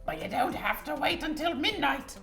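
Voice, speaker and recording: A man putting on a creaky, crackly old witch-gremlin woman's voice as a mock impression of the host reading aloud. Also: extremely high pitch, sing-song, moderate pace, music in the background, pitched above the performer's own voice, exaggerated voice. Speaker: guest.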